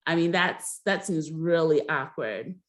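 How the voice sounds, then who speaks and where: A woman's voice: low voice, measured pace. A young woman casually recapping a reality show episode, chatty and hesitant, with frequent ums and restarts. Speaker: recap host.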